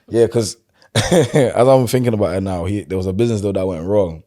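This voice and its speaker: A man with a South London accent and a very low voice talks in a casual podcast conversation. He tells stories in a relaxed, rambling way. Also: a little fast. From London, England. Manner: relaxed storyteller, loose and chatty. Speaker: podcast guest.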